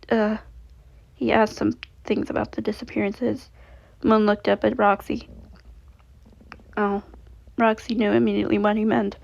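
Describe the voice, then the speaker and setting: Gravelly woman reading a story aloud. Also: a little high. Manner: plain, with small slips and self-corrections. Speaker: fanfiction reader. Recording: dull lo-fi recording.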